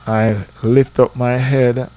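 A man with a Jamaican accent telling a personal church testimony in a lively storytelling way, slipping into patois. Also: mid-range voice, slow pace. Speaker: church member giving testimony.

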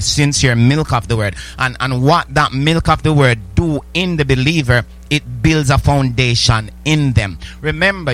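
A man's voice: medium pitch, a bit bright. A man preaching a sermon, restarting words and asking the listeners rhetorical questions. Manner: repetitive stammering restarts, rhetorical questions to the congregation.

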